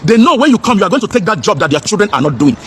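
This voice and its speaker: A man's voice: high-pitched, big pitch swings, rapid-fire, a bit bright, slight background noise. A man in an impassioned, preachy monologue, asking rhetorical questions and slipping into pidgin.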